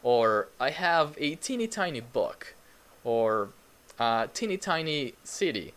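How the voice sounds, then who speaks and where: A man leads a live online English lesson, speaking slowly and patiently. His pitch moves a lot as he repeats new words for learners and greets viewers in the chat by name. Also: big pitch swings, a bit bright. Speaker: English teacher.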